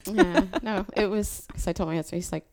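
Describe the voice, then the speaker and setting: A middle-aged woman chatting casually as a guest, telling animated stories and acting out quotes with frequent laughs. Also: mid-range voice, fairly quick. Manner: animated storyteller, acts out quotes, laughs often. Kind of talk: casual podcast chat.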